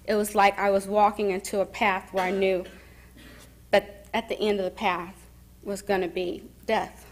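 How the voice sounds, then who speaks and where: Soft-spoken young woman giving testimony. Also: medium pitch. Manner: soft-spoken and emotional, pausing and restarting. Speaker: speaker telling her story. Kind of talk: personal testimony speech. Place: summit event.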